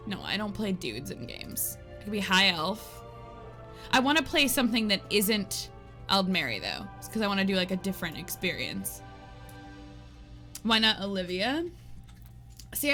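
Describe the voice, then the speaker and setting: A woman's voice: mid-range voice, moderate pace. A woman live-streaming a game, chatting casually with viewers in a rambling, giggly way full of "like". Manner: giggly, animated storytelling. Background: faint game music.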